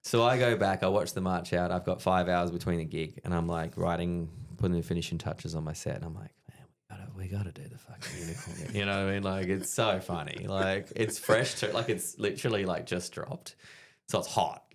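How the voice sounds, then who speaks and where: A man in his thirties with an Australian accent, telling profane, animated stories in casual chat as a guest comedian. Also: sits low, a little fast.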